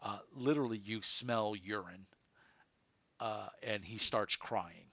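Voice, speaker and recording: A man's voice: on the low side, takes it slowly, sharp tone, no echo. A man narrating a tabletop game as game master, in a casual, rambling way with many fillers. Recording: dull lo-fi mic, dry.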